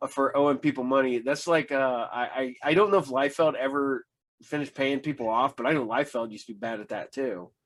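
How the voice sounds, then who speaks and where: A mid-range male voice, moving a little fast, belongs to a podcast host in a relaxed chat. He spins long-winded tales, uses lots of fillers, and acts out quoted dialogue.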